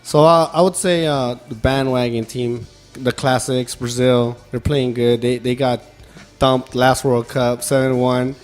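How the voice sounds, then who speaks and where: A man co-hosting a podcast, talking soccer in animated, casual chat with loose grammar and quick laughs. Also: mid-range voice, clear, resonant tone, soft background music. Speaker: podcast co-host, soccer pundit.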